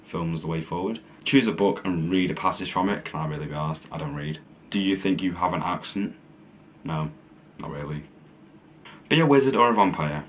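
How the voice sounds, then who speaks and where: Young guy, very low voice, faint hiss behind. Offhand, sweary vlog delivery. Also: fairly quick. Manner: blunt, swears freely, reads questions aloud. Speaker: vlogger. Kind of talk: casual accent-challenge vlog.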